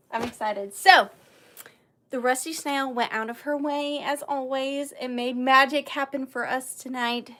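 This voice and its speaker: A woman's voice: sits high, fairly bright tone. A woman with a Southern US accent hosting a live vintage sale, chatty and bubbly, thanking viewers by name. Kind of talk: casual live-stream selling. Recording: faint room noise.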